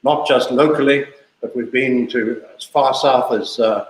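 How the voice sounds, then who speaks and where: A man's voice: medium pitch, steady tone, unhurried. Older interview guest from South Africa, man in his sixties, anecdotal and talkative, recorded in a roomy space. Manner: chatty, anecdotal, repeats himself. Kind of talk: casual storytelling interview. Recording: echoey room.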